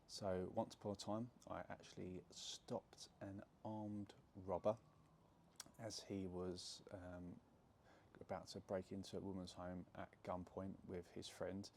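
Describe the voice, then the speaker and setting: A man's voice: sits low, little pitch movement, a little slow, gravelly, darkish tone, slight background noise. A young adult man, chattily retelling a true story to camera with lots of fillers. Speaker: property investor telling a story.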